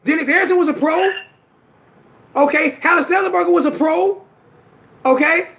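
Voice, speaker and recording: A man's voice: very high voice, normal speed, creaky. A man in his forties hosting a live sports show, trading heated trash talk and hammering his points through repetition. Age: 40s. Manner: argumentative, loud, repeats himself for emphasis. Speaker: host.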